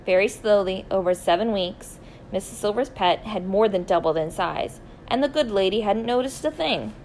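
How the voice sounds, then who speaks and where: A woman reading a children's story aloud, expressive and deliberate, slowing down for emphasis. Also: medium pitch, slight background noise, low-quality recording.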